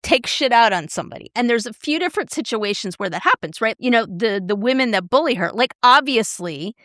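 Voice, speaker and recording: A woman's voice: on the high side, expressive, fairly quick, fairly bright tone, dry recording, studio quality. A middle-aged woman co-hosting a podcast, chatting casually and retelling stories with lots of "like" and "right?". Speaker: podcast co-host. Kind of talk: casual chat.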